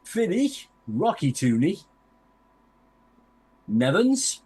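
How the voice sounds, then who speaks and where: A man co-hosting a live stream, slowly reading out a list of viewer names. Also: sits high, very animated, darkish tone, husky. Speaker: co-host reading chat names. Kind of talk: casual live-stream chat.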